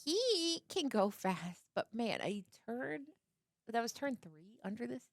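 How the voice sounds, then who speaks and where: A woman casting a live card game tournament, animated and playful, laughing often and acting out what the players might be thinking. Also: on the high side, no room sound, studio quality. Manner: animated, playful, quick to laugh and act out quotes. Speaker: tournament commentator.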